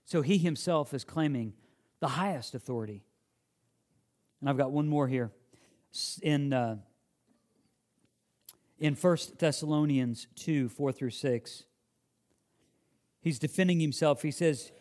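A man's voice: on the high side, measured pace, long pauses, a little mellow. Earnest man preaching a sermon. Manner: earnest, emphatic, with restarts and quoting scripture.

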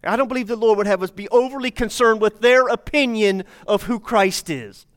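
High-pitched and brisk, the man delivers a sermon to his congregation as their pastor. He talks to them directly, leaning on repetition and rhetorical questions.

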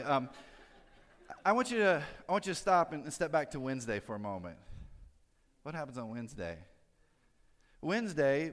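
A man's voice: medium pitch, a bit bright. Man preaching in a big reverberant hall. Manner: conversational, drawing the audience in with tag questions. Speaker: pastor. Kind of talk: sermon.

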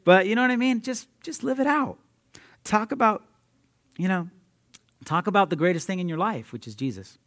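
A young adult man preaching a sermon in an energetic, conversational way, laughing often and talking straight to his listeners. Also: sits high, normal speed, pauses often. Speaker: preacher at a youth ministry.

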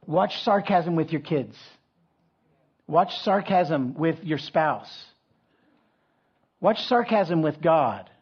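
A man's voice: a little high, lively intonation, slow pace, long pauses, slightly rough. A middle-aged man preaching a conversational sermon, with frequent restarts and asides. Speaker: pastor. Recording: dull lo-fi sound.

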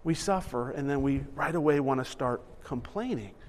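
A man's voice: mid-range voice, animated, moderate pace, long reverb tail, a little hiss or hum. A man in his thirties giving a conversational sermon as a pastor, dropping into other voices for quoted lines. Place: church sanctuary.

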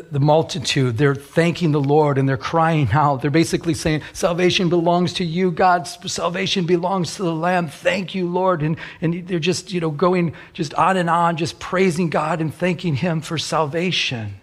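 A man pastor delivers a sermon in a loose, conversational way. His voice sits a bit high and has a husky edge. He often trips over words, repeating them as he restarts his thoughts.

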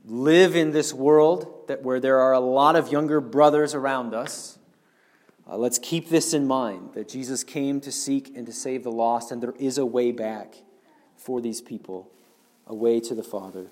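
A man's voice: mid-range voice, measured pace, a little mellow. A man preaching a sermon, earnestly explaining and speaking directly to the congregation.

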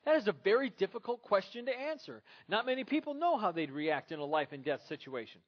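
A man's voice: sits high, sing-song, fairly quick, muffled recording, voice pushed up. A man voicing a lazy young husband who dodges his wife's questions with offhand jokes. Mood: wisecracking. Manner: wisecracking, offhand.

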